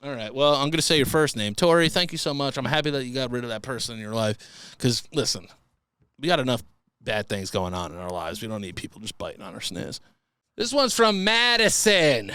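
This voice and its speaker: A man's voice: medium pitch, sing-song, a little fast, bright, forceful tone, clear, resonant tone, no room sound, clean studio sound. A young man hosting a comedy podcast, reading listener stories and riffing crudely, often slipping into silly voices. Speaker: podcast host.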